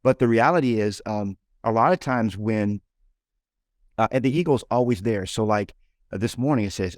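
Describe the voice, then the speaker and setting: A man's voice: on the low side, normal speed, a little mellow, dry recording, studio quality. A man in a casual interview who talks animatedly, acting out imagined inner dialogue and often repeating words as he restarts. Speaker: guest entrepreneur and author.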